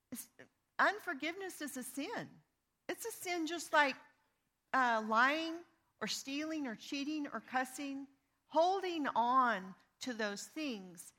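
A woman's voice: fairly high pitch, sharp tone. A woman giving an earnest, conversational Bible teaching, reading verses aloud with emphasis. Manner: reads scripture aloud with emphasis; earnest and conversational, with small restarts. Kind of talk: teaching on forgiveness.

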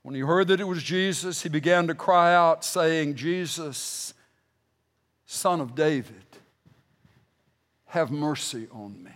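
Unhurried yet emphatic, this middle-aged preacher swells into loud outbursts during his sermon, and his voice drops soft and low as he reads scripture aloud.

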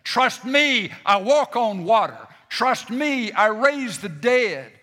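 A preacher voicing God, commanding and emphatic. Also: male voice, very high voice, animated, takes it slowly, sharp tone, big-room sound, pitched above the performer's own voice, full character voice. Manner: emphatic declarations with repeated refrain. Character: God, a commanding, reassuring male divine voice.

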